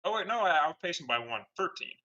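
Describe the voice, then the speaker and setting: A man with a bright, forceful voice chats casually as a tabletop player and often trips over his words. His audio sounds dull and muffled, like lo-fi voice chat. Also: fairly high pitch, sing-song, fast talker. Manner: rambling, restarts and fillers.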